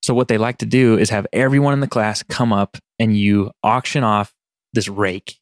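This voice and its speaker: A man from Montana co-hosting a podcast, telling a story in a casual, laughing way and slipping into quick impressions. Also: on the low side, steady tone, no room sound, clean studio sound. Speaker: podcast co-host.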